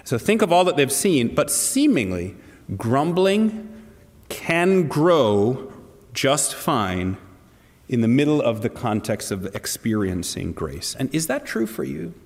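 A man's voice: medium pitch, sing-song, slow, in a large hall. A man preaching a sermon to a congregation, earnest and asking them direct questions. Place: church hall.

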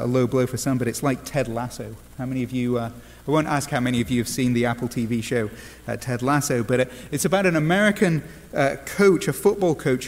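A man's voice: medium pitch, a little mellow, big-room sound. A man from England with an English accent, preaching an earnest sermon with wry asides and frequent "uh" fillers. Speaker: pastor.

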